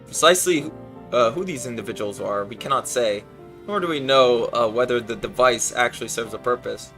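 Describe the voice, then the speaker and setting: A man's voice: medium pitch, brisk, bright, forceful tone, faint music behind. A man reading the lines of a formal male explorer in game dialogue, with old-fashioned, stately wording. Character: formal male explorer explaining a sealed gate.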